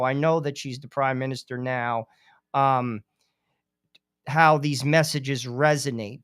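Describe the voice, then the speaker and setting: A man co-hosting a talk show, speaking in a measured, hedging way with frequent fillers. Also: fairly high pitch, a bit bright, clear, resonant tone, no room sound, clean studio sound. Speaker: co-host. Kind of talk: political talk show discussion.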